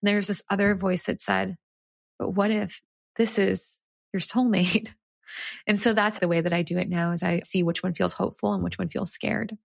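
Guest type: woman coach, low gravelly voice, earnest reflective storytelling. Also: flat delivery, brisk, no room sound, studio quality. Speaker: guest, executive coach and author. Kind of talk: conversational interview storytelling.

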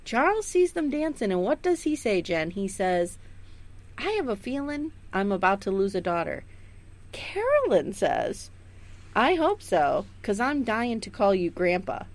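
A woman in her forties co-hosting a casual rewatch podcast, animated and mocking, with plenty of swearing. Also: medium pitch, unhurried. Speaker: podcast co-host.

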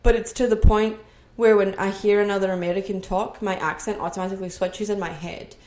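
A woman's voice: mid-range voice, fairly even intonation, a little fast, darkish tone. A young woman with a Scottish accent talks straight to her listeners in a solo podcast. She speaks earnestly, building into motivational encouragement, recorded in her own home. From Scotland. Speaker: podcast host.

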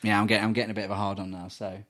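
A man's voice: on the low side, flat delivery, racing, a bit bright, slight background noise. Giggly man rambling on a podcast. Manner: rambling storytelling, frequent laughter, swearing. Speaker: podcast co-host. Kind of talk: casual podcast chat.

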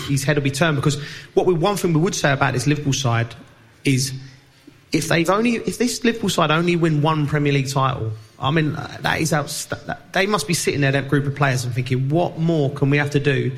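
A man's voice: fairly high pitch, a little fast. A man co-hosting a football podcast who shares his opinions in a casual way, often repeating words as he finds his point. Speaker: podcast co-host.

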